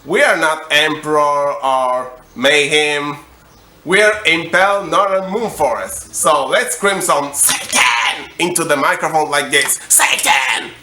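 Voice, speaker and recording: A young man hosting a comedic music tutorial, explaining every step in a slow, deadpan way. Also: a little high, a little hiss or hum.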